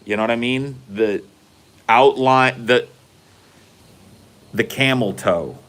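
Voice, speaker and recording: A man's voice: mid-range voice, takes it slowly, fairly bright tone, a little hiss or hum. A man hosting a podcast, telling a rambling, profane story in casual chat. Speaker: podcast host.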